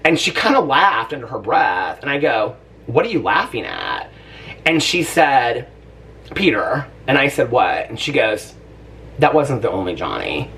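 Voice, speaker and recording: A man's voice: mid-range voice, big pitch swings, a little slow, pushed and bright, recorded from a distance. A man in his thirties telling a personal story in a casual vlog, chatty and emotional, laughing often and close to tears at times. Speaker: vlogger.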